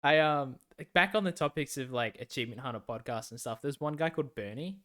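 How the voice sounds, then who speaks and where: A man's voice: mid-range voice, fast talker, a bit bright. A man, co-hosting a podcast in casual, laid-back chat, swearing freely. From Australia. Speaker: podcast co-host.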